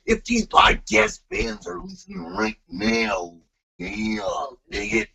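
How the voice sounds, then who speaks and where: Guy doing a gravelly wrestler voice, slow drawl building to a yell, lots of pitch swing. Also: huge pitch swings, full character voice. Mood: intense. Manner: slow, drawn-out, building to a shout. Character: gravelly intense male wrestler, dramatic drawl.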